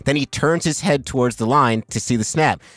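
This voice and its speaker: A man's voice: medium pitch, fairly quick, a bit bright, dry recording. A man co-hosting a podcast, methodically walking through a football play step by step. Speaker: podcast co-host. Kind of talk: casual sports debate.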